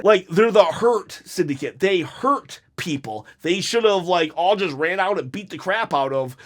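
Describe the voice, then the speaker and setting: Rambling chatty man, high voice. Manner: rambling, laughing, self-correcting. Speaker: host reading viewer hot takes. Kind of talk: casual chat.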